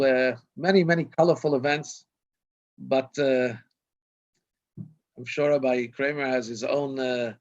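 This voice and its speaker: A man in his fifties, a rabbi, telling anecdotes in a rambling storytelling way, with many restarts and self-corrections, on a video call. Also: mid-range voice. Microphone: video call microphone. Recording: dull lo-fi video call audio.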